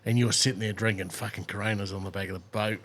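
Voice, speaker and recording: Foul-mouthed Australian bloke telling stories. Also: male voice, fairly low pitch, level tone, fast, a bit bright, a little hiss or hum. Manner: swears constantly, blunt storytelling. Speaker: podcast co-host. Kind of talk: casual pub-style chat.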